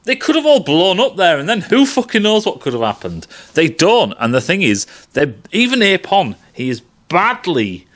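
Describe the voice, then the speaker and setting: A man's voice: high-pitched, wildly swooping pitch, moderate pace, few pauses, a bit bright. A man giving a casual, profane, rambling film analysis. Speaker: film commentator.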